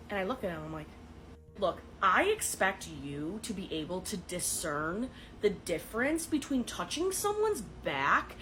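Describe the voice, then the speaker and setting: A woman's voice: mid-range voice, sing-song, normal speed, a bit bright, a little hiss or hum, poor audio. A young woman telling a dating story to her phone camera in a casual, dramatic, sarcastic way. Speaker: dating content creator.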